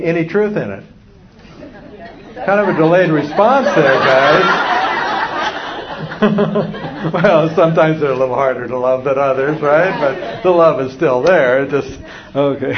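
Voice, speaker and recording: A man giving a live parenting seminar to an audience, wry and humorous, acting out little parent-and-kid dialogues. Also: fairly high pitch. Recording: dull lo-fi recording with faint noise.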